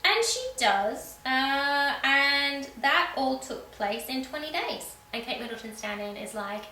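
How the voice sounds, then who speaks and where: A woman's voice: sits high, big pitch swings, a little slow, few pauses, bright, forceful tone. A woman giving a casual, sarcastic recap of a film's plot as a reviewer. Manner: wry, sarcastic asides. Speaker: film reviewer. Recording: echoey room with faint background hum.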